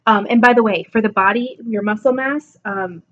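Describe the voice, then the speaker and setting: A woman's voice: mid-range voice, normal speed, lo-fi sound. A woman in her twenties talking casually to camera about her fitness numbers, chatty and self-deprecating, yawning and a bit sleepy. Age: 20s. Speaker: vlogger. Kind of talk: casual self-assessment vlog.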